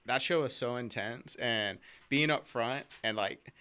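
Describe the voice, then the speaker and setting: A man with a bright, forceful voice shares stories from his twenties in relaxed conversation. He laughs through his anecdotes and jumps into quoted voices as he goes, with a casual, unpolished delivery. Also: medium pitch, a little slow, clear, resonant tone. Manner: laughs often, animated retelling with quoted voices. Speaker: podcast guest. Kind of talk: casual storytelling chat.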